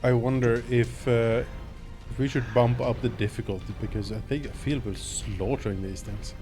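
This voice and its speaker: A man in a casual gaming session, mid-pitched and easygoing. He laughs a lot and calls out what happens on screen with quick exclamations, keeping the chat light and playful. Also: fairly even intonation, music in the background. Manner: giggly, laughs often, reacts loudly to the action.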